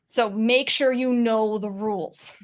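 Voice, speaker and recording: Direct woman panelist, higher voice. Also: steady tone. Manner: direct, practical advice in brisk lists. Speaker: sales coach and panelist. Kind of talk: panel discussion.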